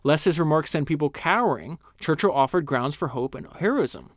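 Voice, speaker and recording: A man's voice: on the high side, animated, no echo, studio quality. Man reading a book aloud with commentary. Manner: earnest, enthusiastic, slows down for key passages. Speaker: podcast host.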